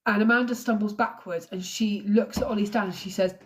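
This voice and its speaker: A woman's voice: medium pitch, steady tone, a little fast. An English woman recounts a true crime case on a live stream, speaking emotionally and close to tears. Her delivery is informal and conversational, and she breaks off now and then to greet and thank her viewers. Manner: emotional, tearful, thanks viewers while telling the story.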